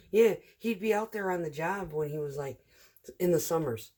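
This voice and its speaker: A woman's voice: on the low side, lively intonation, moderate pace, mellow. A middle-aged woman who drives a concrete truck, telling rambling work stories in a casual, chatty vlog full of fillers.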